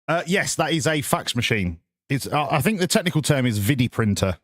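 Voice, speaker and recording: A man's voice: medium pitch, big pitch swings, fairly quick, fairly bright tone, dry recording, studio quality. A man, chatting casually with his viewers on a live stream in sarcastic, sweary, mock-lecturing rants.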